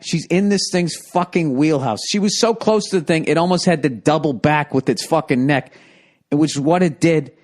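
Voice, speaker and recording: A man in his forties with a Boston accent, telling a rambling, profane, exasperated story. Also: fairly high pitch.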